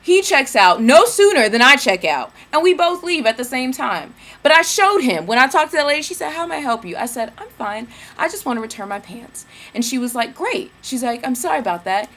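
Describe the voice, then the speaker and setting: A young woman from Georgia, telling a story in a casual vlog rant, animated and sassy, slipping into mimicked asides. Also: high-pitched, brisk, hardly any pauses. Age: young adult. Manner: animated, mimics people in asides, sassy slang, bursts of cackling laughter. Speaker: vlogger.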